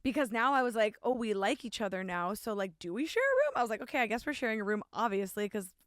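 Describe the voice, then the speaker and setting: Chatty woman, smooth and dry. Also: on the high side, quick pace, dry recording. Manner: animated, says "like" a lot, acts out her own past lines. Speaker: podcast guest. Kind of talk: casual storytelling chat.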